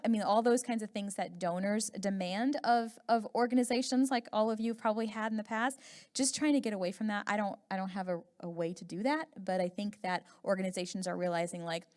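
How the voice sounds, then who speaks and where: A woman's voice: mid-range voice, steady tone, brisk, a little mellow. A woman speaking as a panelist, hesitant with many fillers and restarts. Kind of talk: panel discussion.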